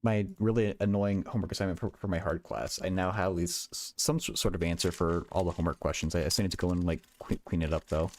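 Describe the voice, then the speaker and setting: A man's voice: low voice, quick pace, hardly any pauses, slight background noise. A young man hosting a casual livestream, thinking aloud in a rambling way with many stammered restarts. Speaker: livestream host.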